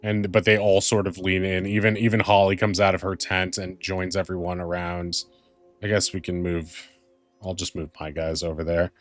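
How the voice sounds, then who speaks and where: A man's voice: sits low, little pitch movement, moderate pace, faint music behind. A man narrating as game master, rambling and thoughtful with many fillers.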